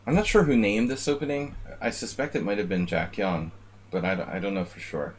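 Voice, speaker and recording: A man live-streams blitz chess, chatting casually with viewers and rambling jokingly between moves. His voice is on the low side and fairly quick.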